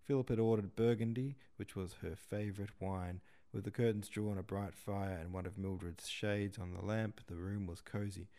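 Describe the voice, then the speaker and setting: Male audiobook narrator, steady and measured, deep and mellow. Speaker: podcast host reading a novel.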